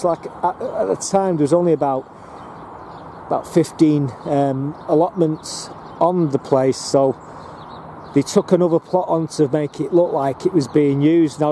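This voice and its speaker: A man's voice: a little high, measured pace, mellow, a little hiss or hum. A man giving a rambling, casual walking tour of his allotments, full of ums and restarts, filmed outdoors on a handheld camera. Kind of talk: casual walk-and-talk commentary.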